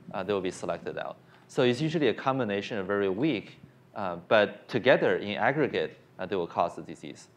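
A man's voice: low-pitched, slight background noise. A man giving a science lecture and answering questions, hesitant with frequent fillers and restarts. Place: lecture hall.

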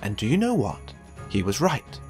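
A man reading a children's picture book aloud with gentle, expressive storytelling. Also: medium pitch, normal speed. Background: faint background music.

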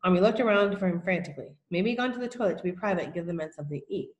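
A woman reads a children's novel aloud, narrating plainly and unhurriedly with a few small slips. Her voice sits on the low side and the room lends a noticeable echo. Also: animated, racing. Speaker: reader.

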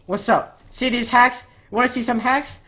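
A woman gamer giving profane, excitable gameplay commentary, ranting in loud outbursts while she plays. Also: on the high side, measured pace.

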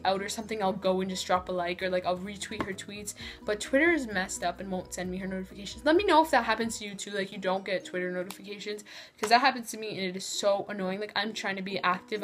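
A woman talking straight to camera in a casual vlog, gushing and rambling, filling every pause with "like" and "so". Her pitch sits in a middle range. A little music plays faintly behind her. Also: fairly bright tone. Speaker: vlogger.

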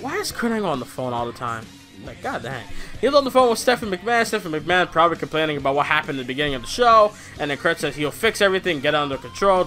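A man gives a loose, rambling review of wrestling shows, excitable and casually profane. His voice sits high and sounds bright and forceful. Faint music plays underneath. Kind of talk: casual commentary vlog.

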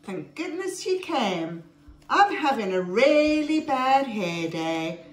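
A woman's voice: sits high, big pitch swings, takes it slowly, voice pushed up, exaggerated voice. A woman voicing a fretful young princess in a storybook, with dramatic cries. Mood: relieved. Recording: echoey room.

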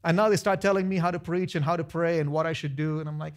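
A man pastor preaching a lively sermon to his church, acting out voices of the people in his stories. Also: fairly high pitch, quick pace. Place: church sanctuary.

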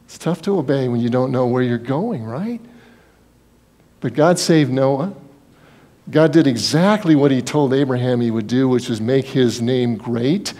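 A man preaching a sermon as pastor, telling Bible stories in a lively way and acting out the people in them. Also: mid-range voice, measured pace. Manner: storytelling, acts out Bible scenes in quoted voices.

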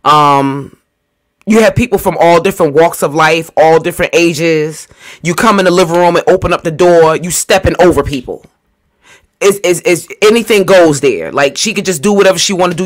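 A man hosting a casual reaction commentary, drawn-out and preachy as he calms things down. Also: fairly high pitch. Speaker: commentary show host.

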